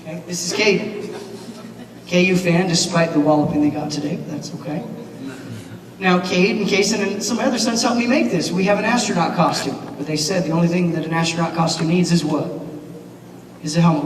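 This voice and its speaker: High-voiced man speaking in an echoey hall. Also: a little fast, crowd noise. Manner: animated, asks the audience questions. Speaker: keynote speaker, teacher. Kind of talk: banquet keynote speech. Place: large banquet hall. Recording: echoey hall, mic from far off, noisy.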